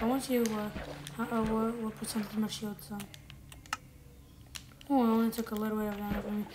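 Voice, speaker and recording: A woman chats her way through a game session, thinking aloud and circling back on her own sentences. Her voice sits a little high but stays flat and level. Loud steady noise and mouse clicks run under the whole recording. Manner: rambling, self-correcting, thinking aloud while playing. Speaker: gamer. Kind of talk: casual gameplay commentary.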